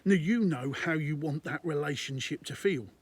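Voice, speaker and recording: A man's voice: a little high, normal speed, husky. A man, a business consultant, giving conversational and emphatic business advice to camera, repeating his points.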